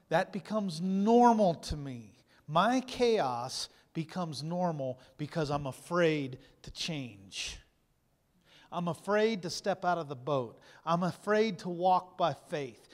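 A man preaching a sermon as pastor, lively, acting out people's doubts in quoted voices. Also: a little high, long reverb tail. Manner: animated, acts out inner doubts in quoted voices. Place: church sanctuary.

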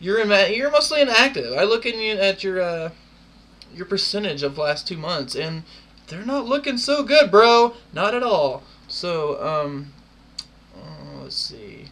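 A man's voice: high-pitched, expressive, a little slow, fairly bright tone. A man in his twenties delivering a profane, defiant and mocking rant to camera. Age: 20s. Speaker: gaming clan member. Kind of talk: ranting video monologue.

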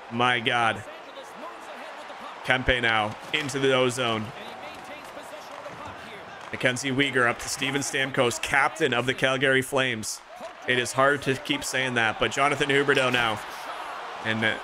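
A young man streaming a hockey video game, calling the plays like a sportscaster and reacting with excited outbursts. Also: medium pitch, noisy background. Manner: excitable play-by-play, rising to shouts. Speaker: gaming streamer. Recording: music playing clearly behind.

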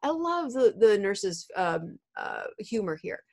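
A woman English teacher, animated and chatty, explaining a play in casual terms. She speaks in an ordinary, mid-pitched voice, recorded casually at home. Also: slow pace, vocal fry.

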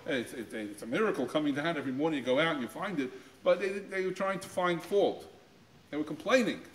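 Male guest speaker, slightly higher voice, teaching Torah to teens, animated with quotes, repeats words, reverberant school space. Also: brisk. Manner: acts out quoted voices with pitch jumps; repeats words while finding phrasing. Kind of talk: Torah talk to high school students. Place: school room.

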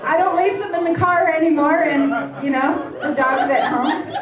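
Woman stand-up in her forties, high voice, chatty and teasing, echoey distant club recording with crowd noise. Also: moderate pace, highs cut off. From Canada. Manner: chatty, teasing the audience with questions. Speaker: stand-up comedian. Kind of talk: stand-up comedy set. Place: comedy club stage. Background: audience laughter and crowd.

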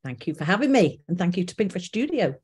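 A woman's voice: lowish voice, sing-song, fast, darkish tone, slightly rough. A woman from the east coast of England with an English accent, a guest card maker chatting on a live craft show from home. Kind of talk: casual interview chat. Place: home with a dog.

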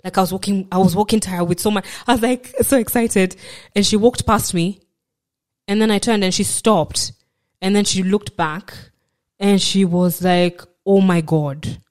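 Speaking with a Kenyan accent, a woman guest on a podcast tells her own story frankly and reflectively, dropping in self-deprecating asides. Her voice is mid-range, delivered at normal speed with fairly even intonation.

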